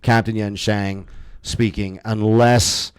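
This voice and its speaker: Man, low voice, dry close sound, rambling animated storyteller, casual podcast chat. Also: slow pace, clear, resonant tone, no echo. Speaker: podcast co-host.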